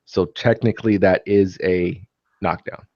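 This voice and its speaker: A man's voice: deep voice, steady tone, unhurried, darkish tone, no echo, dull audio. A man hosting a casual live stream chat, rambling with many fillers and restarts. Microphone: computer mic on a live stream.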